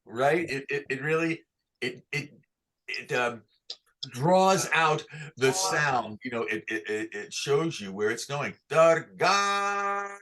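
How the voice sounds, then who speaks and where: Slow bright-voiced male cantor teaching. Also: medium pitch. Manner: patient, repeats and models each chant sign. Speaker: cantor teaching Torah cantillation. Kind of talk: online lesson with sung chant examples.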